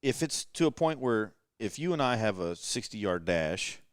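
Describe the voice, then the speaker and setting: A man hosting a podcast in a relaxed late-night chat, rambling and thinking out loud as he goes. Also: fairly low pitch, a little slow, clean tone, no room sound, studio quality. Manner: rambling, thinks aloud with fillers. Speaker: podcast host. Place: indoors in a rental house.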